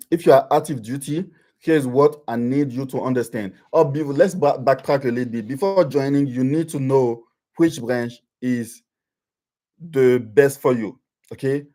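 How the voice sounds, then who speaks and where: A man's voice: mid-range voice, mellow. A man from Benin with a French accent, hosting a live Q&A stream and giving advice with frequent restarts and fillers. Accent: French-accented English. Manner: halting, many restarts and fillers. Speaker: livestream host. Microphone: livestream webcam.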